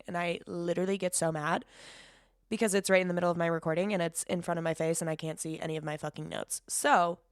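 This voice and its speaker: A young woman talks through her solo podcast in a loose, rambling way, swearing freely and breaking into quick laughs. Her voice sits a little low. The sound is dry and close, with no room echo. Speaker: podcast host. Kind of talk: casual solo podcast chat.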